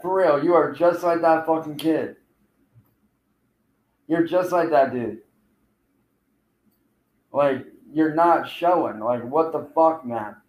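A man on a livestream hurls taunts and curses at an absent rival, calling him out over and over. His voice sits a little high for a man. The sound bounces around an echoey room. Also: takes it slowly, long pauses, darkish tone. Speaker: streamer. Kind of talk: livestream trash talk.

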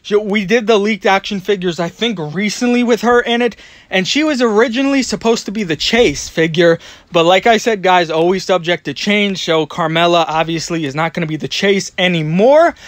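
Casting: breathless, excitable male toy vlogger, high-pitched, dry close mic. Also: moderate pace, no room sound. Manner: excitable, rambling, repeats words. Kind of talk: excited voiceover commentary.

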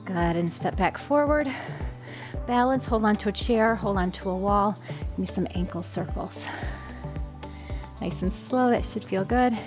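A woman fitness instructor calls out moves with upbeat, encouraging cues while she works out alongside the class. She is out of breath, and clear music plays behind her. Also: mid-range voice, measured pace. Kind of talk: guiding a workout. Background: background music.

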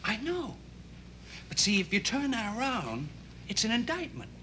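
A man's voice: sits high, wildly swooping pitch, pushed and bright, a little hiss or hum, heavily acted. A rambling idealistic teenage boy. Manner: halting and rambling, full of restarts. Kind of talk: 1960s TV drama acting.

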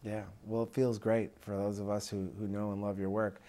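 A man's voice: on the low side, flat delivery, moderate pace, mellow. A man hosting an interview, asking admiring questions with frequent restarts. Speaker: interviewer, host.

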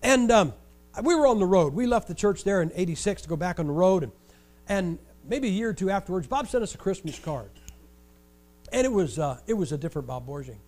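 An older man from Ohio preaching a sermon, telling stories in an animated, joking way with wry sarcasm. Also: high-pitched, brisk. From Ohio, USA. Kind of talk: storytelling sermon.

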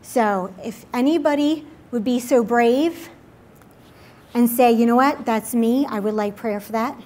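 A woman pastor leading an altar call and prayer in a church service, gently inviting and repeating her words. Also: fairly high pitch, unhurried.

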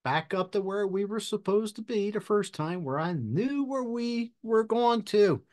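A man hosting a podcast, telling a fire service story in a measured, deliberate way with pauses. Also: high-pitched, expressive, a little mellow. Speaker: podcast host and fire officer instructor. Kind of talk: storytelling anecdote.

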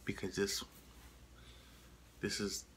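Slow-talking playful male vlogger. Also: a bit bright, a little hiss or hum, low-quality recording. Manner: playful, teasing, frequent whispers. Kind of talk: casual channel update.

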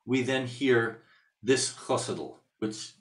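A man's voice: medium pitch, animated, slow pace, a bit bright. Man teaching music in an echoey room. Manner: thoughtful, searching for words, explanatory. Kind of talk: instructional workshop lecture.

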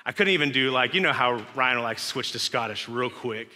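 A man's voice: mid-range voice, fairly quick, bright, forceful tone. A young man with a West Texan accent preaching a sermon as pastor, in a casual, chatty way with asides to the congregation. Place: church sanctuary. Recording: long reverb of a church hall.

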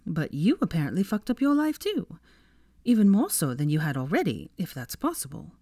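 A woman's voice: big pitch swings, dark tone, dry recording, studio quality. A woman reading aloud and voicing a clever, prickly young witch in a raised, exasperated tone. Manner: raised pitch, brisk and exasperated.

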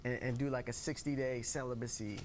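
A man with a New York accent interviewing a guest in an easygoing way, laughing along and asking quick questions. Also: mid-range voice, fairly even intonation, slight background noise. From Queens, New York. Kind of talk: casual interview chat.

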